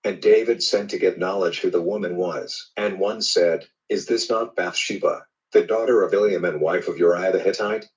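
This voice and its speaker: A man reading a Bible passage aloud in a steady, measured storytelling manner. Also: deep voice, recorded from a distance, lo-fi sound. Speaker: Bible reader. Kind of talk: scripted scripture reading.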